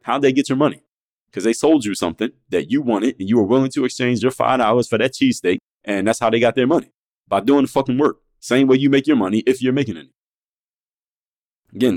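A man's voice: mid-range voice, a little mellow. A man hosting a podcast, delivering a blunt, profane monologue full of rhetorical questions, speaking. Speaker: podcast host.

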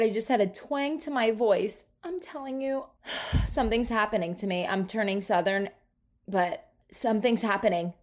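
A woman's voice: fairly high pitch, moderate pace. Chatty, dramatic woman podcast host. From New Jersey. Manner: animated, self-mocking, dramatic, swears freely. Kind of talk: casual solo podcast chat.

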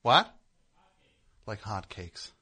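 A man's voice: lowish voice, drawn-out words, slightly rough. A man hosting a call-in comedy radio show, bantering casually and slipping into exaggerated impressions. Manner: animated, jokey, slips into exaggerated impressions.

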